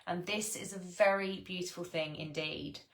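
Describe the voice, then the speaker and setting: A woman's voice: fairly low pitch, steady tone, normal speed, a bit bright, echoey room. A woman reading her own spiritual book aloud in an earnest, gushing way, stopping for sighs and exclamations. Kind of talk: read-along of a spiritual book with personal asides.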